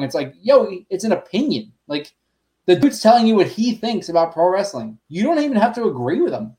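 A man's voice: high-pitched, sing-song, a little fast, dark tone. A man on a podcast ranting bluntly, swearing often in casual chat.

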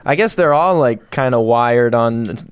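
A man hosting a casual podcast, making quick joking remarks between laughs. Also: medium pitch, clean tone.

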